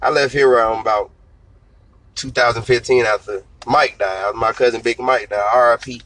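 A man in his thirties, a singer being interviewed, telling his story in a relaxed, slangy, conversational way. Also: medium pitch, normal speed, low-quality recording. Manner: relaxed storytelling, slangy, repeats "you know what I'm saying". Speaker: singer and guest.

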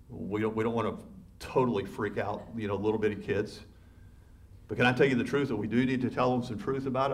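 A pastor delivering a sermon, addressing the congregation directly with urgent rhetorical questions and building to loud, fervent passages. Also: male voice, fairly low pitch. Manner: impassioned preaching that swells loud and urgent.

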